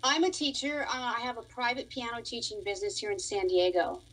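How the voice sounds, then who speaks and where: A woman's voice: a little high, expressive, a little fast, fairly bright tone, rough recording. Chatty woman musician in her forties. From Long Island, New York. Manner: chatty, laughs easily. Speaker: musician and piano teacher, guest. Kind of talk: radio interview.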